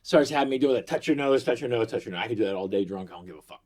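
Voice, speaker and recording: A man's voice: medium pitch, animated, rapid-fire, darkish tone. A middle-aged man vlogging, telling a comic story in a casual, rambling way that is profane and self-mocking.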